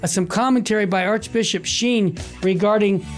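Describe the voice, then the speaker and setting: A man's voice: high-pitched, moderate pace, soft background music. A man hosting a Catholic radio talk show, telling stories with energy and acting out the voices of people he quotes. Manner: animated storyteller, acts out quoted voices.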